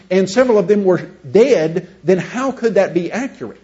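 A man's voice: high voice, lively intonation, moderate pace, mellow. A man giving a conversational teaching lecture, asking his listeners rhetorical questions. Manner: asks the audience rhetorical questions. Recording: dull lo-fi recording.

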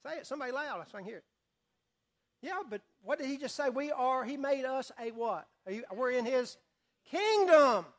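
A man's voice: extremely high pitch, fairly bright tone. A man teaching a Bible study, reading scripture aloud and quizzing his listeners with questions. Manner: asks the audience questions and reads scripture aloud. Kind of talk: sermon-style Bible study.

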